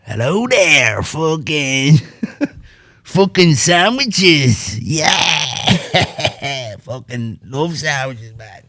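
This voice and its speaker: A crude, cocky fighter talks in a high, stretched, mocking voice, as a man does a bad impression of him. The words come slowly and the take sounds dry. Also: sing-song, pushed and bright, no echo, full character voice. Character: cocky brawling male fighter-actor, loud and crude.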